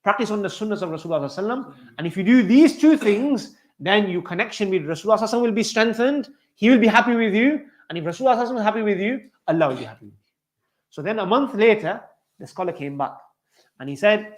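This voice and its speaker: Fast-talking male preacher telling stories. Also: high voice, animated. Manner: storytelling, addresses listeners as dear brothers. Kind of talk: sermon.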